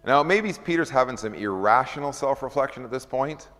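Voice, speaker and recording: A man's voice: mid-range voice, lively intonation, fairly quick, a bit bright. A man leading an informal Bible study, talking conversationally, asking the group questions and acting out scripture scenes. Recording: long hall reverb.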